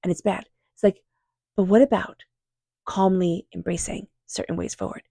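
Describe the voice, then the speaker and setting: Calm, low-voiced woman reading tarot. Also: creaky, no echo, clean studio sound. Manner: calm, unhurried, affirming, softly repeats invocations to spirit guides. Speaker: tarot reader. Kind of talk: tarot card reading monologue.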